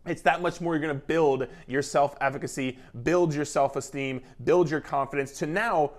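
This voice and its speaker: A man's voice: fairly high pitch, steady tone, moderate pace. A man coaching viewers on weight loss in an emphatic, repetitive pep-talk style, casual and sometimes swearing. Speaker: fitness coach. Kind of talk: motivational talk to camera.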